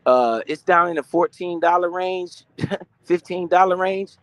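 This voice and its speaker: A high-voiced young man streams live about finance, talking a little slowly in a casual, slangy way and swearing freely. He throws out questions and answers them himself with energy; the sound is close and dry, lacking room echo.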